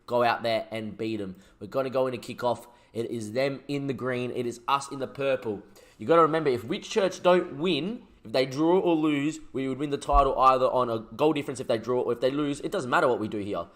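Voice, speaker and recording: Excitable man commentating a football game. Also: mid-range voice, fast talker, hardly any pauses. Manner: excitable, shouts at goals. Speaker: gaming YouTuber.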